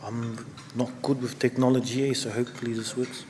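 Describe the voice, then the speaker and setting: A man with a New Zealand accent giving a relaxed, rambling speech at a conference, with many fillers. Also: medium pitch, a little fast, long reverb tail, heavy background noise. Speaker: conference speaker. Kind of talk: speech to an audience. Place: conference hall.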